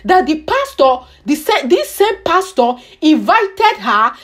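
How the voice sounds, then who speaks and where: A young woman tells a personal story to her vlog audience. Her voice sits high and swings widely in pitch. She repeats words and phrases over and over for dramatic emphasis. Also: sing-song, takes it slowly. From Nigeria. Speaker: vlogger.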